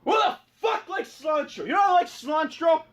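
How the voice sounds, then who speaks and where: A man delivering a loud, profane comedic rant, often shouting his points. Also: very high-pitched, animated, a little fast. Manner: loud, crude, ranting.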